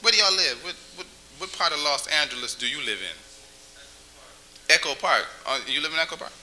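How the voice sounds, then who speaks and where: A slightly high, bright, forceful voice with lively intonation moves a little fast over slight background noise on a low-quality recording. The man is doing crowd-work stand-up in a small cafe, teasing listeners with questions and now and then breaking into a crooning song.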